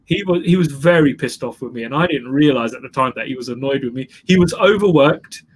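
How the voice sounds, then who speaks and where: A man's voice: mid-range voice, lively intonation, a little fast, a little hiss or hum. A man who is a guest entrepreneur, telling his story in an emphatic interview style and repeating phrases for effect. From England.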